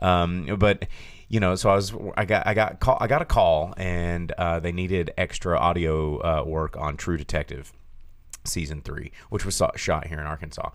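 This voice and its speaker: A man with a Southern US accent, co-hosting a podcast, telling lively stories in a casual way and swearing now and then. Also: low-pitched, moderate pace. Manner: animated storyteller, swears casually. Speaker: podcast co-host. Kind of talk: casual chat.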